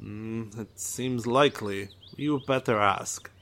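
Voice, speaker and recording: A man narrating as game master of a tabletop role-playing podcast, relaxed and joking with his brother. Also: fairly low pitch, slow.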